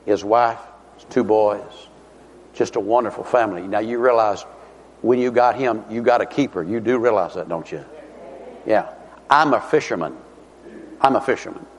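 A man's voice: fairly low pitch, normal speed, long pauses, slight background noise. A man preaching a sermon in a church, folksy and conversational, telling stories and asking the congregation questions. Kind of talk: sermon with storytelling and humor. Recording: long hall reverb.

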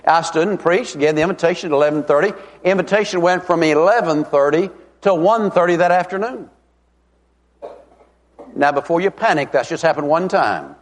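This middle-aged man's voice is a little high, with lively intonation, as he preaches revival as an evangelist. He stays folksy and emphatic, drawing out stresses, while a large hall gives long reverb.

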